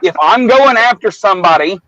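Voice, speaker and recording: A man's voice: sits high, animated, brisk, pushed and bright, no room sound. A man in casual livestream chat, talking bluntly and profanely, rambling with many restarts. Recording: muffled dry lo-fi audio.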